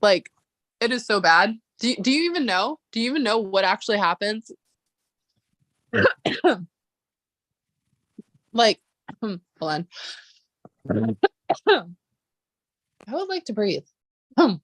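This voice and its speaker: A woman's voice: medium pitch, big pitch swings, takes it slowly, pauses often, a bit bright, no room sound. A woman vlogger ranting casually and heatedly, swearing often and rambling with restarts.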